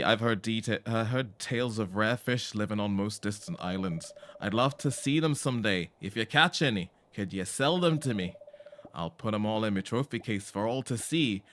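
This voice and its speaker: A man's voice: fairly low pitch, fairly bright tone, slight background noise, natural voice. A man voicing a cheerful young male fisherman villager in a put-on vague rural British accent, folksy and welcoming.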